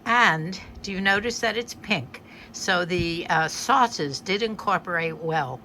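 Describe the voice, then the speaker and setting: Woman, 80s, warm homey cook talking viewers through each step, slightly low register, home kitchen. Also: expressive, slow pace, slight background noise. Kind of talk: casual cooking demonstration.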